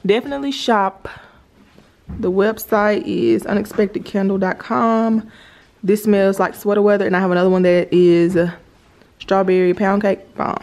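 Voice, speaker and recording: A woman's voice: medium pitch, fairly even intonation, normal speed, darkish tone. A young woman in her twenties talks straight to her viewers in a loose, chatty vlog voice and keeps calling them "y'all." She films on a phone held in her hand inside an empty house, with a faint hiss underneath. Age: 20s. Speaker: vlogger. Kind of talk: casual vlog chat. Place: new house, indoors.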